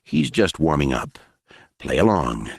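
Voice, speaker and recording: A cool, commanding warrior general, played by a male narrator. He speaks low and measured in clipped orders, with a dry close sound. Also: big pitch swings, husky, dry recording, full character voice. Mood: stern calm.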